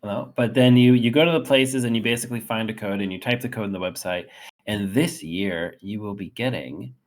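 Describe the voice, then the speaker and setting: A man's voice: on the low side, brisk. A man hosting a casual call-in radio show, chatting in a rambling, upbeat way and reading things aloud. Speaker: host.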